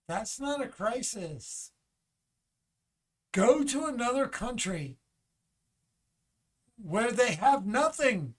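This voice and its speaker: A man from the United States, a comedian guest on a podcast, ranting with growing passion, swearing and at times shouting. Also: very high-pitched. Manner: impassioned, building to shouting, swears. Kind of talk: casual podcast rant.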